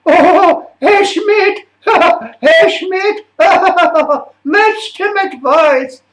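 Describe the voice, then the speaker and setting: A man's voice: very high-pitched, very slow, fairly bright tone, echoey room, recorded from a distance, pitched above the performer's own voice, exaggerated voice, low-quality recording. A man voicing a fussy male stage director in a squealing, exaggerated, pleading manner. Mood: exasperated.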